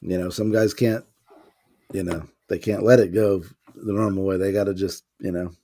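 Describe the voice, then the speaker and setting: A man's voice: sits low, fairly even intonation, moderate pace, creaky, mellow. A man co-hosting a podcast, mostly chiming in with short agreements. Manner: supportive listener, short agreements. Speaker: podcast co-host. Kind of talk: casual chat.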